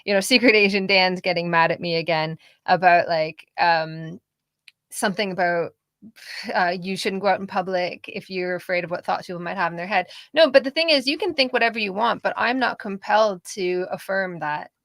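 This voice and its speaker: A woman co-hosting a political discussion show, talking in an animated way and laughing often. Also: lowish voice, moderate pace, no echo, studio quality. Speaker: podcast co-host.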